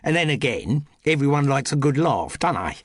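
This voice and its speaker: Cheeky young Cockney maid, chatty and quick with a lively, raised voice, done by a male narrator. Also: mid-range voice, no room sound, studio quality, pitched above the performer's own voice. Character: cheeky young cockney housemaid, former music-hall player.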